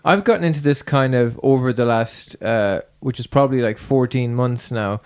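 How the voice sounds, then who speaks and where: A man's voice: medium pitch, normal speed, smooth. A man hosting a podcast in a loose, casual chat, rambling with lots of fillers and restarts. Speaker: podcast host.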